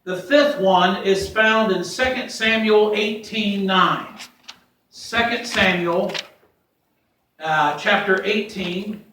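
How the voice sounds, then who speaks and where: High, bright-voiced preacher in a church. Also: male voice, takes it slowly, a little hiss or hum. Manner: reads scripture aloud, rising loud on quoted cries, then drops to quiet asides. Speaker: pastor. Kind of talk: sermon. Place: church sanctuary. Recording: echoey church from far off.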